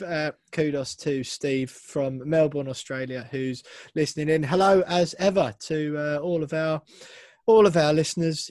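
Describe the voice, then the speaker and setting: Chatty fan podcast host, dry sound. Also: male voice, fairly high pitch, a little mellow, dry recording. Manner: chatty, playful, reads listener messages aloud. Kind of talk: casual podcast chat.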